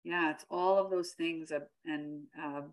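A woman's voice: deep voice, steady tone, measured pace, poor audio. A woman co-hosting a podcast, thoughtfully agreeing and building on her partner's point in casual conversation. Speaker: podcast co-host.

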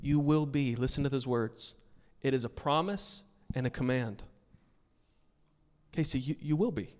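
A man's voice: mid-range voice, measured pace, long reverb tail. A pastor preaching a sermon to his congregation, emphatic and earnest, telling stories between points. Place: church sanctuary with a congregation.

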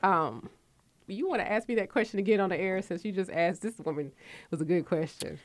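Woman, forties, radio host, candid casual talk, lowish voice, dry studio sound. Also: brisk, no room sound. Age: 40s. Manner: chatty and candid, lively with sudden high bursts.

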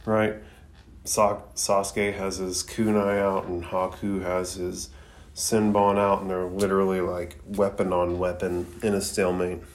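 A man giving a casual recap and review of an anime episode, chatty and loose with fillers and slang. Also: deep voice.

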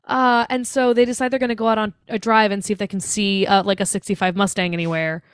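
A woman's voice: mid-range voice, level tone, quick pace, clean tone, no echo, studio quality. A young woman co-hosting a podcast, chatting casually and swearing freely while recapping a movie and acting out its lines. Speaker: podcast co-host.

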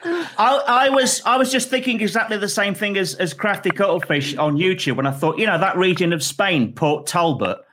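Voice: medium pitch, moderate pace, heavy background noise. A host running a comedy panel, calling on guests and reading out comments in an upbeat, chatty way.

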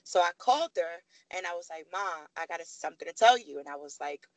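A woman's voice: lowish voice, fairly quick, dry recording, low-quality recording. A woman in her thirties, a podcast guest, telling a personal story candidly and acting out the voices of people she quotes. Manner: animated, acts out quoted voices.

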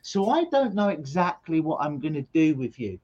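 Man, middle-aged, high-pitched voice, animated storyteller, lo-fi video call sound. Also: moderate pace. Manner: energetic storyteller, repeats words when starting sentences. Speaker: hypnotist guest. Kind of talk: conversational interview explanation.

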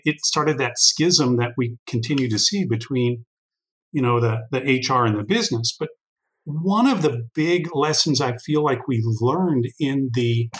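A man's voice: medium pitch, a bit bright, poor audio. A man answering interview questions at length in a thoughtful, conversational way, with frequent restarts and fillers. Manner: thoughtful, long-winded, many restarts and fillers. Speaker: guest expert on workforce intelligence.

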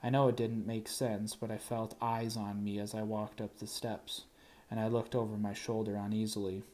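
A man narrating an audiobook in first person, wry and even. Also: lowish voice, moderate pace.

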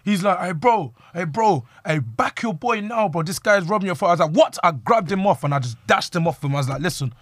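A man's voice: sits high, expressive, brisk, few pauses, no room sound, studio quality. A young man, animatedly telling a street story to friends and acting out the quotes. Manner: slangy, acts out quoted lines.

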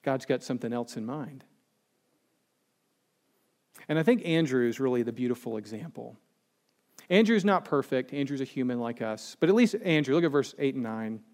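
A man's voice: medium pitch, animated, normal speed, long pauses, a little mellow. A male pastor giving a casual, conversational sermon with humorous asides and acted-out quotes. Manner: chatty, joking, acts out quoted people.

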